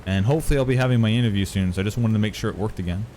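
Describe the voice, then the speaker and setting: A man's voice: fairly low pitch, rapid-fire, darkish tone, a little hiss or hum. A man streaming a video game, chatting casually with his viewers and swearing now and then. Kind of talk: casual gameplay commentary.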